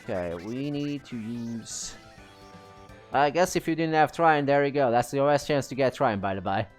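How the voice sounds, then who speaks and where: A man's voice: mid-range voice, moderate pace, soft background music. A man giving chatty, self-amused commentary while playing a game on a live stream.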